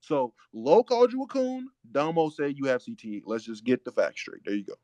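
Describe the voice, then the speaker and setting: A man's voice: mid-range voice, lively intonation, brisk, warm tone, dry recording. A man hosting a live audio chat room, blunt, profane and confrontational in a heated argument.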